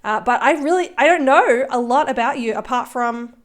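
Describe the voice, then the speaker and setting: A woman with an Australian accent hosting a podcast, playful and theatrical, swinging between loud bursts and soft asides. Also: high-pitched, moderate pace. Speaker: podcast host. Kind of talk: casual podcast chat.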